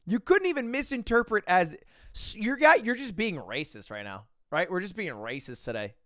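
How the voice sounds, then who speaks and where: A young man hosting a livestream, chatting casually with viewers, animated, jokey and swearing freely. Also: sits high, normal speed, no room sound, clean studio sound. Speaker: livestream host.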